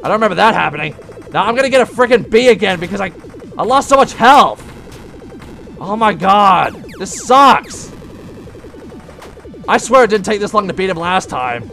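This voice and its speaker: High, gravelly young man ranting. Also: expressive, moderate pace, long pauses, faint music behind. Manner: frustrated, yelling outbursts at the game. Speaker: let's play gamer. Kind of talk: casual gameplay commentary.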